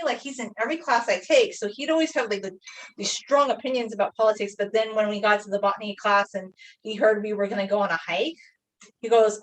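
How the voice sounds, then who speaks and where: Talking fast in a mid-range voice, a young woman paints on a live stream and wanders through a casual story, leaning heavily on fillers such as "like." Her voice sits a little distant from the microphone.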